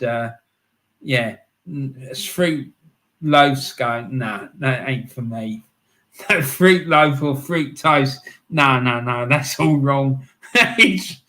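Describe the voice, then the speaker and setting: A man's voice: medium pitch, sharp tone. A man hosting a live stream, chatting casually with viewers, laughing often and calling people "mate". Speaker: livestream host reading chat.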